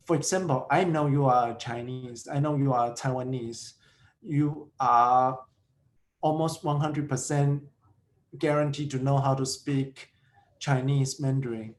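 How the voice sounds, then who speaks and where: A man giving an informal career workshop lecture, talking in a chatty way with rhetorical questions and frequent restarts. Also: mid-range voice. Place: lecture streamed online. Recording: echoey room.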